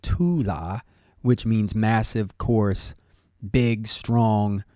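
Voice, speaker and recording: Low-voiced man patiently teaching Pali. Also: fairly even intonation, dark tone, smooth, no echo, studio quality. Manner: measured, scholarly, thinking aloud with pauses. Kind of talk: explanatory lesson monologue.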